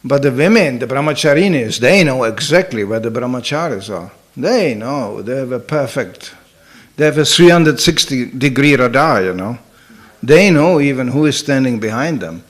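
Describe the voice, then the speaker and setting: An older man, a spiritual teacher, speaks at a normal speed in an expressive, medium-pitched voice. His sermon is a string of funny, chatty anecdotes, peppered with "you know" and his own laughter.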